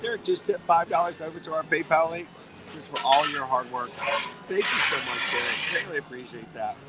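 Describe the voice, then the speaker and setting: A man's voice: fairly high pitch, brisk. A man hosting a casual livestream outdoors at a theme park, chatting with viewers while losing his voice. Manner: chatty, thanks viewers for tips. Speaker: livestream host. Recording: noisy outdoor park ambience.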